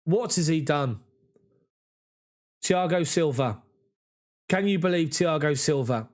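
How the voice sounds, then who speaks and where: Man, fan commentary, excited, emotional, fairly high voice. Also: takes it slowly.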